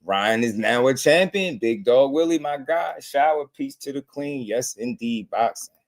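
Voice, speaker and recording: A man's voice: medium pitch, unhurried. Laughing New Jersey man hosting a livestream. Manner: laughs often, relaxed slangy banter. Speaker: boxing livestream host. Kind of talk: casual livestream chat.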